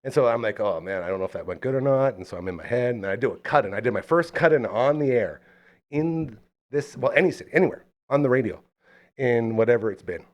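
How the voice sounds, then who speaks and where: A man's voice: mid-range voice, fast. A man in his twenties, host of a casual live podcast, telling stories and acting out quoted lines. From Canada. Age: 20s. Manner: animated, acts out quotes in story. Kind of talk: casual podcast chat and storytelling.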